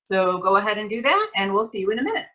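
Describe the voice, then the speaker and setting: A woman co-teaching a social skills lesson, giving friendly, measured instructions with frequent pauses. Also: mid-range voice, sing-song, sharp tone. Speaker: prevention specialist, co-teacher. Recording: dull lo-fi sound.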